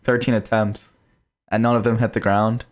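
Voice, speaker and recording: A young man co-hosting a podcast, talking fast and animated in casual sports chat, with a slight case of hiccups. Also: fairly low pitch. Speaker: podcast co-host.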